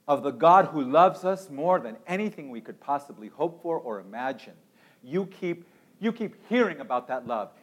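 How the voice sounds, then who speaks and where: A man preaching a sermon as pastor, swinging from quiet near-whispers to loud, emphatic passages. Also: a little high. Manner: dramatic preaching with wide swings in volume.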